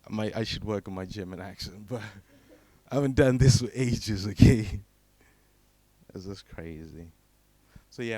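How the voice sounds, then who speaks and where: A young man from Zimbabwe performing a stand-up comedy set. He delivers low, deadpan setups and then breaks into sudden high, shouted character voices. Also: no room sound.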